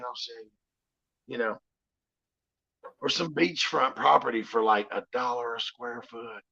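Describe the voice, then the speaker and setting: On muffled, lo-fi stream audio, a Southern-accented livestream host chats loosely, swears freely, and keeps saying "you know what I'm saying." He speaks at medium pitch and normal speed, with vocal fry, a sharp tone, and a breathy edge.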